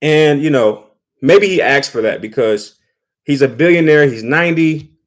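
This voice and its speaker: A man's voice: on the high side, lively intonation, moderate pace. A man giving casual spoken commentary, talking loosely and often repeating words as he thinks. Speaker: vlogger.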